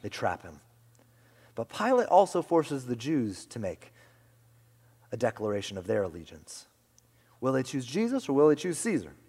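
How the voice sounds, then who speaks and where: Male pastor preaching in a reverberant church, mid-pitched voice, dramatic swings between loud emphasis and whispers. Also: wildly swooping pitch, moderate pace, pauses often, husky. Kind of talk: sermon. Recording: long hall reverb.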